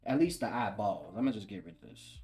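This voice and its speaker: Animated, joking male streamer. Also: fairly low pitch, fast talker, soft background music. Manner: joking, laughs often, slangy banter with chat. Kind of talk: casual chat while drawing on stream.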